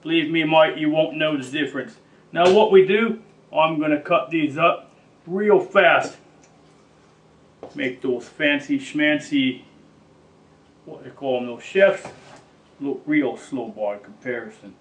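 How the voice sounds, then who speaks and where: A man's voice: on the high side, takes it slowly, pauses often, far from the mic. A man hosting a mock-serious cooking demonstration, rambling and joking with slangy asides. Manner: jokey, rambling, drops slangy "mate" and "bloody". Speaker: cooking show host.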